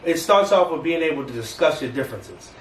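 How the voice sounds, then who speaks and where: A man's voice: on the high side, expressive, brisk, recorded from a distance. A man co-hosting a podcast, pushing back emphatically and repeating himself. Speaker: podcast co-host. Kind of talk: heated casual debate. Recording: roomy echo with faint background noise.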